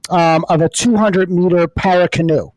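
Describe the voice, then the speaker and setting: A man co-hosts a relaxed podcast, rambling and restarting as he goes. His voice is notably high. The sound is dry and close. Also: moderate pace, dry recording, rough recording. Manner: rambling, restarts, laughs often. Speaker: co-host. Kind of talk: casual podcast chat.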